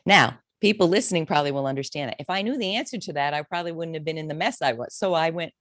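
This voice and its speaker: A woman's voice: fast talker, few pauses, a bit bright, dry recording, studio quality. A woman in her fifties, a career coach telling her story candidly and emotionally in an interview. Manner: candid, emotional, wide swings in pitch.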